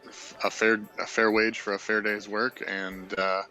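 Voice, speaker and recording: A man's voice: fairly low pitch, level tone, measured pace, sharp tone, faint music behind, poor audio. A man voicing a hopeful young human man for hire who talks hesitantly, full of fillers. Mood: eager.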